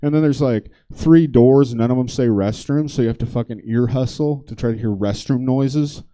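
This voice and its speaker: A man's voice: medium pitch, normal speed, warm tone. A man doing stand-up comedy, telling a long story in a loose, conversational, profane way on a theater stage.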